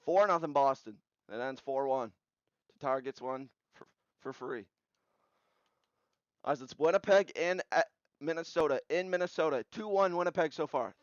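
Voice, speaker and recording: A man's voice: a little high, clear, resonant tone, no echo. Young man rattling off game scores. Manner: rattles off scores in short bursts, excited at big goals. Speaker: video game simulation commentator. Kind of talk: play-by-play recap commentary. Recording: slightly dull lo-fi audio.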